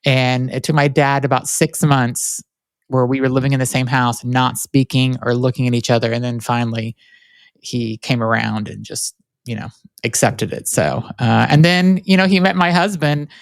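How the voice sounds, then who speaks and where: A man hosting a podcast, with a smooth, clear voice recorded close and dry. He chats freely, tells stories and keeps up a steady flow of encouraging replies. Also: mid-range voice, normal speed, no room sound. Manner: chatty, storytelling, frequent affirming fillers. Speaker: podcast host. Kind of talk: casual interview conversation.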